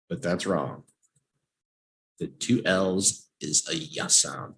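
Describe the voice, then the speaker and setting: A man teaching vocabulary in a live online lesson, saying each word slowly, having listeners repeat it, and reading out its definition. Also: low voice, vocal fry. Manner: slow and animated, drills words with repeat-after-me prompts. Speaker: English teacher.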